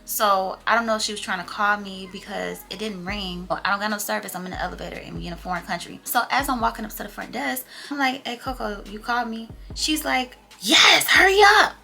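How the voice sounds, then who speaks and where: A woman's voice: medium pitch, fast, creaky, few pauses. A young woman vlogger telling a story in casual, slangy chat and acting out what people said. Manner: animated, slangy storytelling that acts out quotes.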